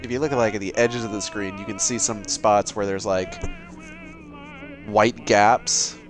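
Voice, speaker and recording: A man's voice: fairly low pitch, fairly even intonation, a little slow, music in the background. A young man giving casual, sarcastic gameplay commentary, joking and swearing as he plays. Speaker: let's play gamer.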